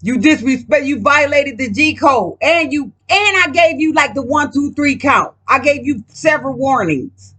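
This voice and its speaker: High, bright-voiced profane woman vlogger. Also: animated, normal speed, few pauses. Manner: profane, emphatic, rambling, addresses viewers directly. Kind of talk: casual tarot reading rant.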